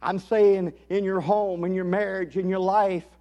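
A man with a high, light voice preaches an impassioned sermon to a gathering of men. He drops to a hushed, intimate tone, then climbs into loud, pleading calls to his listeners. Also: flat delivery, a little slow. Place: conference hall.

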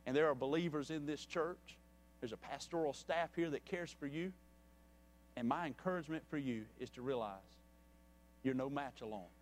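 Earnest preacher with a slightly high voice. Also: male voice, normal speed, slight background noise. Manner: earnest and pleading, dropping soft. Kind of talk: sermon with story reading. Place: church.

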